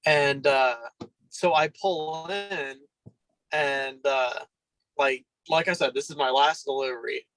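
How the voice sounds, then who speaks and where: A young man as a podcast guest, telling a story in a rambling, casual way full of fillers and throat clearing. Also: mid-range voice, takes it slowly, fairly bright tone, low-quality recording.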